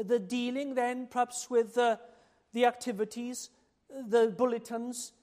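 Preacher guy, pretty high voice, gets loud then drops way down quiet, very emphatic. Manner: emphatic, swings from loud exhortation to hushed warning. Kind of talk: sermon.

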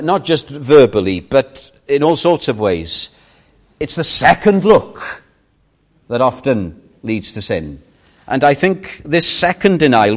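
Delivering a Sunday morning sermon, a native Welsh speaker with a slightly high voice tells stories at a slow pace, expressively stressing key words.

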